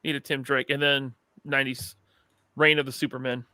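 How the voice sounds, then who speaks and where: A man's voice: mid-range voice, flat delivery, normal speed, sharp tone, no echo, studio quality. A man co-hosting a podcast in casual chat, enthusiastic and chatty. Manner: enthusiastic, chatty, laughs often. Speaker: podcast co-host.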